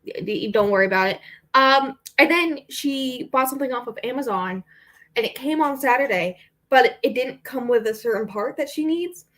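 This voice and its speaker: Young female vlogger, slightly high voice, rambling casual chat with fillers. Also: moderate pace, a bit bright. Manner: rambling and chatty, with frequent fillers and laughs. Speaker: book vlogger.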